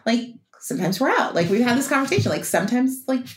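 A woman's voice: fairly high pitch, sing-song, quick pace, roomy sound. A woman therapist in casual chat, talking loosely with many fillers and frequent laughter. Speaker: therapist co-host.

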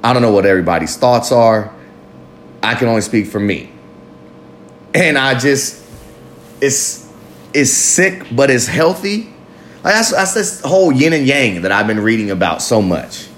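A man's voice: mid-range voice, animated, measured pace, pauses often, a bit bright, slight background noise. A man hosting a live recovery talk show, talking loosely and profanely in a confessional monologue, sometimes drawing out his words. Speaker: podcast host.

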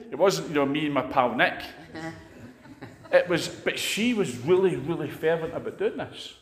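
A man's voice: fairly high pitch, a bit bright, reverberant. A man with a Scottish accent preaching a conversational sermon, telling stories in a chatty, anecdotal way.

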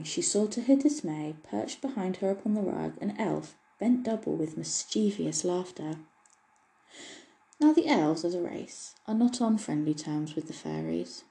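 A woman narrating an old fairy tale in a measured storytelling manner. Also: lowish voice, dark tone, low-quality recording.

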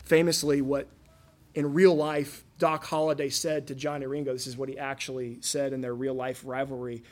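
A man in his thirties preaching a sermon, telling stories earnestly and asking his listeners rhetorical questions, shifting between loud and hushed. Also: medium pitch, level tone, normal speed. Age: 30s. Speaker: pastor.

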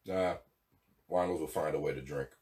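A man's voice: a bass voice, moderate pace, a little mellow. Laid-back man telling stories, off-mic. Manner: laid-back storyteller, acts out voices while retelling. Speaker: podcast co-host. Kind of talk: casual chat. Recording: distant mic with faint noise.

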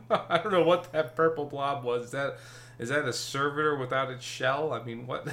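Brief: male co-host, bright and forceful voice, laughs often, casual game talk. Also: mid-range voice, moderate pace. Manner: laughs often, hesitant with ums. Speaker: podcast co-host. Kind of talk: casual gaming chat.

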